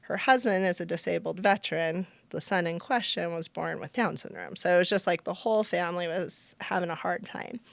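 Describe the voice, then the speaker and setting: A middle-aged woman, a nonprofit founder, telling stories in an interview and acting out what people said with lively jumps in her voice. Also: fairly quick, gravelly, hardly any pauses, dry recording. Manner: animated, acts out quotes with big pitch jumps. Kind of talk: conversational storytelling.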